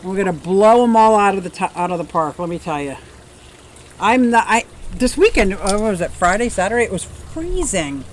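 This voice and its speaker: A woman in her fifties, speaking a little fast in an animated, medium-pitched voice, hosts a chatty, bubbly livestream outside in a yard and welcomes viewers by name.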